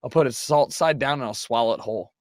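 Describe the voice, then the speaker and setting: A man's voice: mid-range voice, quick pace, no echo, studio quality. A man in a casual podcast chat, sheepishly explaining an odd eating habit of his.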